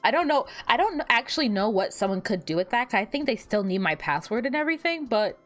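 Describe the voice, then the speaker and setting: A young woman chats casually on a livestream, giggling at her own jokes and repeating herself as she adjusts her setup. Her voice sits a little high and swings up and down a lot. Soft music plays faintly behind her. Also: very animated, fast talker. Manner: rambling, repeats words while fiddling with her setup. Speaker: VTuber streamer.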